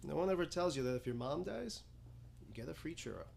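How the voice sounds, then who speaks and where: A man's voice: on the high side, lively intonation, fast talker, gravelly, heavy background noise. An actor performing a stage comedy monologue as a weary, sardonic man telling about his day in a dry way. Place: acting studio stage before an audience.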